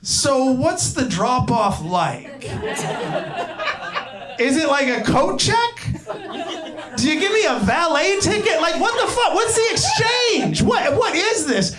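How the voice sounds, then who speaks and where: A young adult man doing a stand-up comedy set, animated and incredulous, swearing freely. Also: very high voice, slow pace. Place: comedy club stage. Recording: roomy live club sound with crowd. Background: laughing audience.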